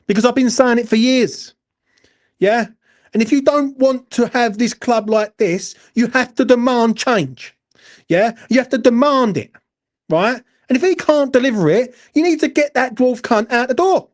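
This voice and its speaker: Sweary East London football fan ranting. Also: male voice, extremely high pitch. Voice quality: sweary and blunt, repeating "right?" and "yeah?". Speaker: football fan channel host. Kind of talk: angry post-match rant to camera.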